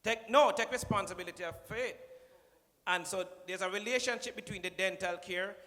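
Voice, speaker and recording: A conference speaker with a Jamaican accent jokes with and teases the minister from a podium, slipping into patois during his public speech. He has a high voice with a sharp tone and a moderate pace, and the recording carries the long reverb of a large conference hall.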